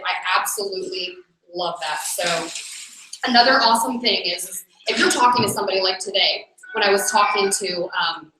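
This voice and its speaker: Upbeat woman with a bright, echoey sound. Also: mid-range voice, slight background noise. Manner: upbeat, energetic, addresses the audience directly. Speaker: network marketing team leader. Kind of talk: motivational talk to a team meeting. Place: meeting room. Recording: echoey room, mic from far off.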